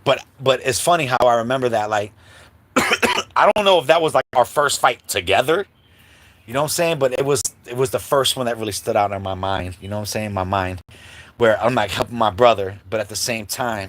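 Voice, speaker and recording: A man hosting a livestream, telling a childhood story in a casual, animated way and acting out the quotes, with many asides to the listeners. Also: mid-range voice. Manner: animated storyteller, acts out quotes, many "you know what I'm saying" asides. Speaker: host. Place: livestream setup.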